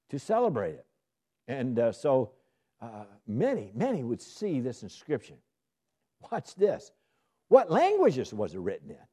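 A man leads a Bible study in a sermon style, with a voice that sits a little high and swings widely in pitch. He poses questions and answers them himself, and he builds into emphatic peaks. His tone is mellow and soft-edged. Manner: lively, asks questions and answers them, rising to emphatic bursts. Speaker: Bible teacher.

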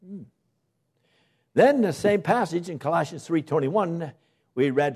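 A man preaching in church with a fairly high voice. His pitch swoops up and down as he stresses key words and pauses for effect. He sounds like a pastor delivering a sermon. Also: lively intonation, a little mellow, slightly rough. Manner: preaching with dramatic pauses and emphatic rises.

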